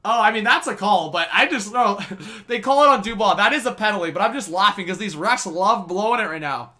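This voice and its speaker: A young man calling a hockey game play by play from a live stream, laughing often and shouting when the action heats up. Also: sits high, brisk, a crowd in the background. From Canada. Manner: laughs often, bursts into loud excited shouts on big plays. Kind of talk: live fan play-by-play commentary.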